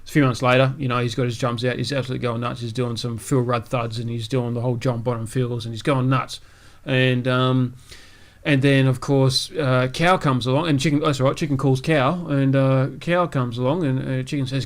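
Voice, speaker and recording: A man's voice: medium pitch, little pitch movement, fairly quick. Rambling man telling a joke. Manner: rambling, lots of fillers and asides. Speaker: podcast host.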